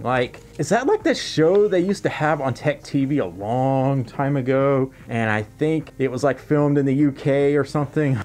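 A YouTuber chatting casually while reading fan letters aloud, bubbly and quick to laugh. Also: mid-range voice. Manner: bubbly, laughs often, squeals when excited. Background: faint background music.

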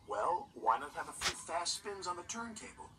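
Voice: mid-range voice, sing-song, normal speed, distant mic, very noisy, pitched above the performer's own voice, close to an everyday voice. A narrator voicing a friendly, helpful male tram engine. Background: music.

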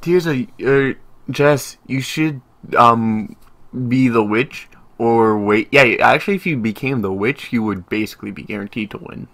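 A man's voice: mid-range voice, unhurried, fairly bright tone. A man hosting a gaming video, chatting casually with friends and making wry, joking comments on the play. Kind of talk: casual gameplay chat.

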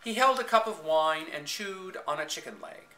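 Man reading a story out loud, bouncy lively voice, bright tone, echoey room on a camcorder. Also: on the high side, normal speed, slight background noise. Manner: expressive, dramatic storytelling. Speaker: reader. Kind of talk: reading a story aloud in first person.

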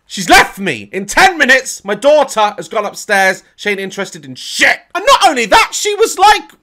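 A man's voice: extremely high pitch, sing-song, moderate pace, pushed and bright. A man in his thirties, hosting a reaction video and telling a sweary, comic story in casual chat.

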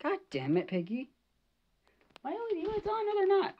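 High-pitched woman playing a horror game, shrieky and jumpy, kinda muffled lo-fi mic. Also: huge pitch swings, normal speed. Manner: jumpy, swears and shrieks at scares. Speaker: gamer. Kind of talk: live gaming commentary.

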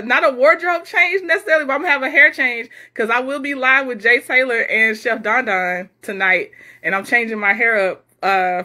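A woman hosting a casual live stream, reading viewer comments aloud and reacting with animated chatter and frequent laughter. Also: fairly high pitch.

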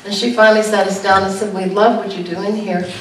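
A woman pastor giving an animated sermon, jumping to high exclamations now and then. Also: a little fast, slight background noise. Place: church sanctuary. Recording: echoey church room heard from a distance.

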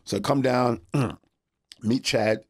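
A man's voice: medium pitch, slow pace, slightly rough, no echo, clean studio sound. A middle-aged man from New York, telling stories in a casual chat, swearing freely and acting out the voices of the people in them. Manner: animated, swears freely, acts out voices in anecdotes. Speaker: guest, skateboarder.

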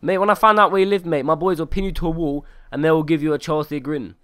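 A man's voice: on the high side, steady tone, quick pace, fairly bright tone, clear, resonant tone, natural voice. A man voicing a brash young male London chav troll in game voice chat, taunting and repeating slang tags with a put-on London street accent. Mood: menacing. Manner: taunting, repeating "mate" and "innit".

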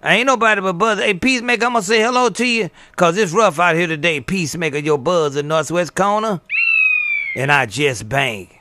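A man's voice: fairly high pitch, lively intonation, normal speed, sharp tone, slight background noise. A man chatting on CB radio, trading playful banter full of call signs and sign-offs. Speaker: CB radio operator.

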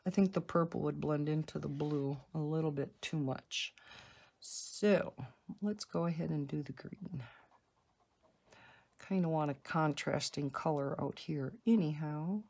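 Slow, chatty woman coloring at home. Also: sits low, vocal fry, darkish tone, husky. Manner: slow, chatty, rambling with asides. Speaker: coloring channel host. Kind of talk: casual color-along chat. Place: home, indoors.

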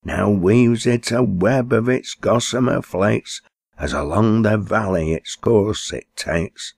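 A man with a Lancashire accent recites dialect verse in a very low, deep voice. He takes his time over every line, and the sound is dry and close with no room around it. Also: takes it slowly, gravelly, a little mellow, husky, no echo. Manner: recites broad dialect verse, lifting his voice for quoted characters. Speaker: poetry reader.

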